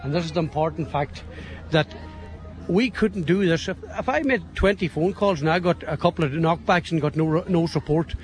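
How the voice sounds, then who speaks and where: A man's voice: on the high side, fairly quick, faint music behind. A man with a Donegal Irish accent chatting at an outdoor show, rambling from one anecdote to the next. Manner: rambling storyteller, chuckling. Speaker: interviewee, event organiser. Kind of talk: casual chat.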